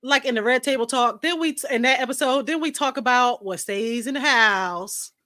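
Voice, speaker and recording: Bright, playful podcast co-host woman. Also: sits high, a little fast. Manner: playful, jokey. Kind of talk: casual chat.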